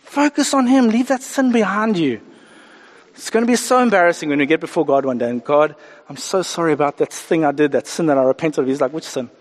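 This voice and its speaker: Casting: middle-aged man, high-pitched preacher, lively sermon with acted-out quotes, church-hall echo. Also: fast. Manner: animated, acts out quoted voices. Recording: hall reverb.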